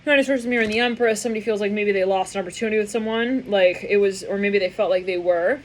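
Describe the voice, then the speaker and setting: A woman's voice: mid-range voice, fast talker, slight background noise, poor audio. Chatty woman giving a rambling tarot reading. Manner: rambling, acts out imagined people; laughs often, frequent filler words. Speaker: tarot reader.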